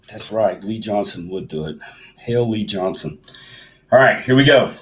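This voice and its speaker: A man's voice: on the low side, lively intonation, a little slow, long pauses. A man co-hosting a casual comics livestream over an online call, wry and self-deprecating. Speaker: livestream co-host. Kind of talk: casual chat.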